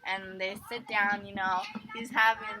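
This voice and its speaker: A woman's voice: mid-range voice, moderate pace, a crowd in the background. A young woman telling a made-up story to friends in a casual, giggly way and acting out the lines. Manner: giggly, animated, acts out quoted lines. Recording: noisy home video.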